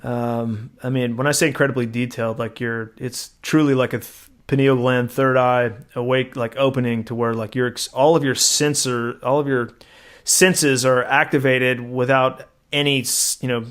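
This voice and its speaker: A man's voice: mid-range voice, moderate pace. Rambling man telling a story casually. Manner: rambling, animated retelling with acted-out quotes and frequent restarts. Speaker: podcast co-host.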